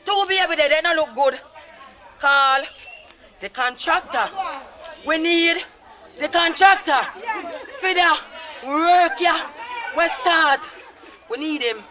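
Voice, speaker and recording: Shrill Jamaican man demanding justice. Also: slow pace, long pauses, a faint crowd. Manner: loud, pleading, repeated demands. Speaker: flood-hit resident. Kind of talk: street interview complaint.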